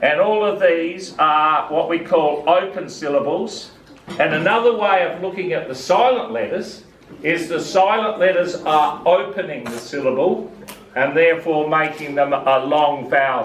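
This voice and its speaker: With a fairly high, slightly bright voice, a man teaches phonics to a student, patiently walking through vowel sounds and asking questions. The reading lesson is captured from afar in an echoey classroom, with a faint hiss.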